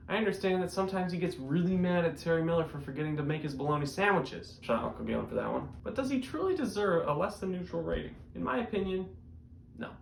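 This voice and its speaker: A young man hosts a joking sports news segment, mostly deadpan but breaking into loud bursts. His voice sits a little high. It is recorded in an echoey room with faint noise behind him. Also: creaky. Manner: deadpan comedic delivery with sudden loud bursts. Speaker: host of a disc golf news show. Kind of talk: comedic news-style monologue.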